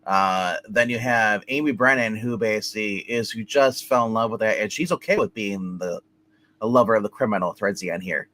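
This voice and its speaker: A man's voice: lowish voice, brisk, a bit bright. A man reviewing a film in casual chat, rambling with lots of fillers and restarts, acting out characters' lines as he goes. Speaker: movie reviewer. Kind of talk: casual podcast movie review.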